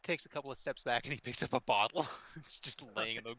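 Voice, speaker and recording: A man's voice: mid-range voice, fast talker, pushed and bright, dry recording. A man running a tabletop game as game master, narrating loosely and laughing often.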